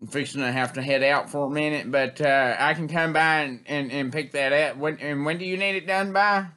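A man's voice: on the high side, brisk, bright, forceful tone, smooth. A man taking a prank phone call, talking casually and stalling with hesitant fillers. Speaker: prank caller.

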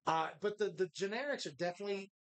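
Rambling, profane bar host. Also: male voice, high-pitched, rapid-fire, a bit bright. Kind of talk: casual bar chat.

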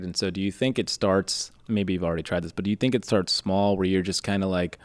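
A man hosting a casual interview, telling stories quickly and acting out quotes. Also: low voice, no echo. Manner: quick, animated storytelling with acted-out quotes. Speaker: podcast host.

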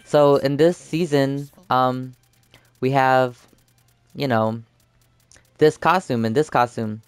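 A young man chats loosely over his game footage, trailing off and restarting his thoughts as he goes. His voice is smooth and clear, recorded dry and close with no room sound. He sits at a middle pitch for a man. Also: fairly even intonation, takes it slowly, no room sound, faint music behind. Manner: rambling, chatty, lots of fillers and restarts. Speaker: gaming YouTuber. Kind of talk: casual gameplay commentary.

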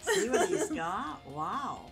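An older woman, a grandmother, chats gently as she plays a game, easily impressed and often letting out a soft "ooh". Her voice rises and falls a lot, and loud game music plays right behind her. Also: sits high, wildly swooping pitch, takes it slowly. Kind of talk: casual chat while gaming.

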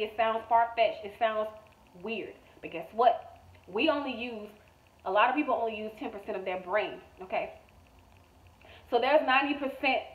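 A manifestation coach delivers a motivational vlog monologue in a high voice, far from the mic, with a thin, echoey, phone-like sound. She's emphatic, repetitive, blunt, and profane.

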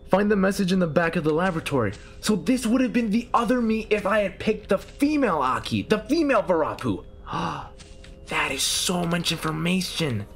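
Excitable young man gaming, lively pitch. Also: normal speed, slight background noise. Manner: excitable, swears, jumps to loud startled yelps; laughs often, talks to characters. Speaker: gaming channel host. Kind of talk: let's play commentary.

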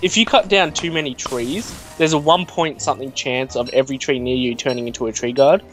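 A young man co-hosting a let's play, chatting in an excitable way and laughing often, over a headset or desk mic. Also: mid-range voice, fairly quick, soft background music. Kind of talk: casual gaming chat.

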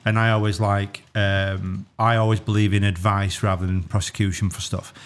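A man's voice: lowish voice, little pitch movement, normal speed. A man in his fifties, a retired traffic police officer, earnestly explaining his view as a podcast guest. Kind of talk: casual interview chat.

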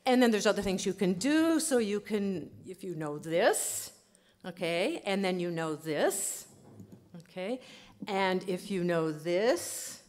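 A woman linguist giving a lively conference talk, often checking in with her audience. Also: mid-range voice, takes it slowly. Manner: lively, animated teaching with many "okay?" check-ins. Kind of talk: lecture at a language conference. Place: conference hall.

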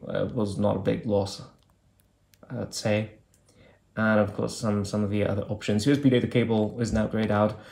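A man's voice: fairly low pitch, gravelly, a little mellow. A man reviewing an old phone, talking casually and thinking aloud with hesitant fillers as he clicks through menus. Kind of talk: casual hands-on product demo.

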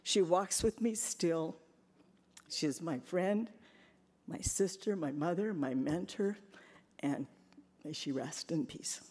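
A woman's voice: fairly low pitch, slow, pauses often, background noise. A woman giving an earnest, emotional personal testimony at a convention. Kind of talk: heartfelt personal story. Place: large convention hall. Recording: long hall reverb.

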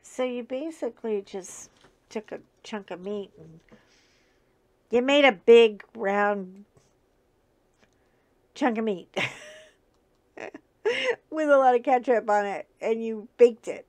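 A woman's voice: on the high side, takes it slowly, pauses often, a little mellow. A woman host telling a story in a casual chat, chatty and often laughing.

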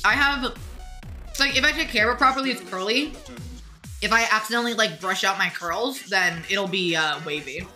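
A woman streams a game live, chatting casually and reading her viewers' messages aloud to answer them as they arrive. Her voice is medium-pitched and sharp at a normal speed, with faint music in the background.

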